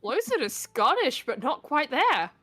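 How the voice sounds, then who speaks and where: A woman chatting casually on a livestream, blunt and quick to swear, laughing between remarks. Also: high voice, big pitch swings, bright, forceful tone, faint music behind. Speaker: stream guest.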